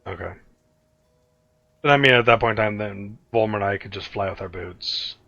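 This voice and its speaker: Bright-voiced man playing tabletop games. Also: fairly low pitch, moderate pace, creaky, no room sound, muffled recording. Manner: offhand, profane. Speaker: player. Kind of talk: casual tabletop game chat.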